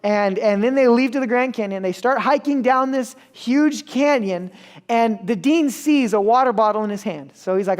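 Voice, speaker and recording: A young male preacher with a very high-pitched voice speaks at a normal speed. He tells a story casually during his sermon, adding self-mocking asides and acting out the people in it.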